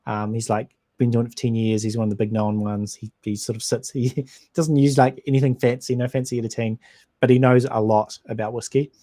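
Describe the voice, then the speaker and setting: A man from New Zealand, speaking with a New Zealand accent in a voice of ordinary pitch. He hosts a relaxed livestream and rambles from one thought to the next. He keeps replying to viewer comments as he goes. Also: fairly quick. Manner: rambling, chatty, reads out and answers viewer comments. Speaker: whisky channel host. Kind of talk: casual livestream chat.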